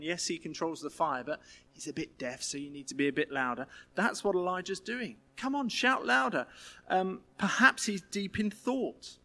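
Lively, joking preacher with a raised voice. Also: male voice, on the high side. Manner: lively, humorous, conversational preaching. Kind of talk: sermon.

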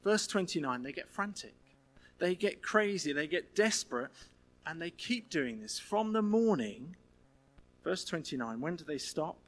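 A man preaching a sermon in a lively, humorous, conversational way. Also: on the high side, measured pace.

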